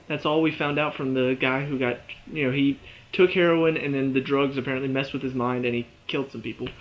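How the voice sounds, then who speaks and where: A man giving a casual, animated spoken review of a TV episode, chatty and full of "you know" and "uh". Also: a little high, muffled recording.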